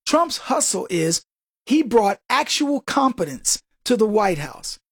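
A man's voice: high-pitched, very animated, slow pace, husky, no room sound, studio quality. A man hosting a radio show, delivering a combative political monologue full of rhetorical questions.

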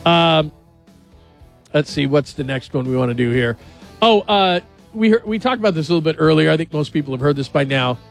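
A man's voice: on the high side, animated, a little fast, vocal fry, faint music behind. A man hosting a radio show in casual, jokey chat and asking his co-hosts questions. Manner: chatty, jokey, asks the others questions.

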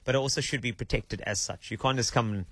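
A man's voice: medium pitch, fast talker, fairly bright tone, no room sound. A young adult man with a South African accent, hosting a radio breakfast show in casual banter, often putting on a playful, mock-official tone.

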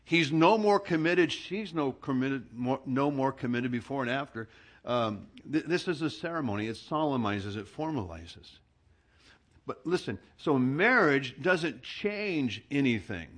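A middle-aged male pastor from Southern California, preaching a sermon in an animated storytelling manner, laughing as he tells it. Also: mid-range voice, measured pace. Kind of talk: sermon with personal anecdote.

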